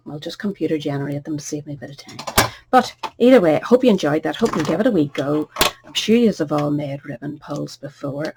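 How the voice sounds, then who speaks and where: A woman giving a casual, chatty card-making tutorial, with soft asides under her breath. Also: sits low, background noise.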